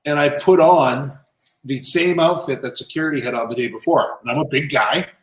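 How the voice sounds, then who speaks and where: A man telling lively business anecdotes as an interview guest, in a casual, animated manner. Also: a little high, moderate pace. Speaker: guest, entrepreneur and author. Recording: roomy echo.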